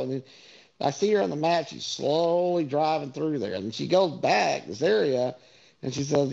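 A man's voice: fairly high pitch, animated, normal speed, vocal fry, darkish tone. A man telling stories in a casual, rambling monologue, full of fillers and swearing. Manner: rambling storyteller, many fillers, profane asides. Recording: dull lo-fi recording.

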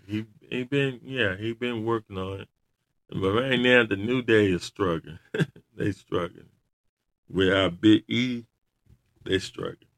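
A man chatting casually in loose grammar, rambling and laughing often as he tells animated stories. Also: lowish voice, unhurried, gravelly, pauses often. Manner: animated storyteller. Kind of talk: casual chat watching wrestling.

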